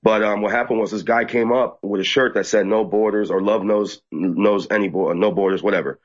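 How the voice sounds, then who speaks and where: A fairly low-voiced man with a husky, rough edge tells his story eagerly, jumping into shrill mocking impressions of others. The audio is dull and muffled, like a lo-fi remote feed. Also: fairly quick. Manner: animated, mocks others in high squeaky voices. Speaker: activist guest. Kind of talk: casual storytelling interview.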